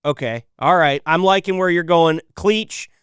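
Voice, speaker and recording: A man's voice: a little high, moderate pace, fairly bright tone, clean tone, no echo, studio quality. A man hosting a podcast in casual chat, joking and thinking aloud with many restarts. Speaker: podcast host.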